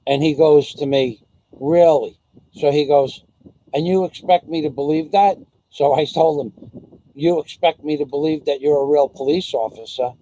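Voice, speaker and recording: New guy telling a wild story, kinda high voice but warm and mellow, swears a lot, trips over his words. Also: steady tone, moderate pace, poor audio. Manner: rambling, profane, stumbling restarts, acts out dialogue. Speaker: vlogger. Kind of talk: casual storytelling.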